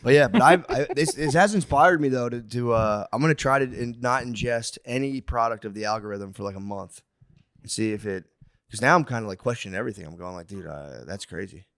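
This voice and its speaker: A man's voice: medium pitch, quick pace, fairly bright tone, no echo, clean studio sound. A man co-hosting a comedy podcast, rambling in casual chat, swearing and laughing often. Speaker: podcast co-host.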